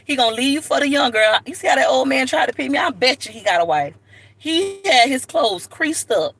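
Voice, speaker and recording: A woman's voice: high voice, animated, fairly quick, a bit bright. A woman hosting a livestream, giving sassy, preachy relationship advice straight to the viewer in a comedic rant. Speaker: livestream host.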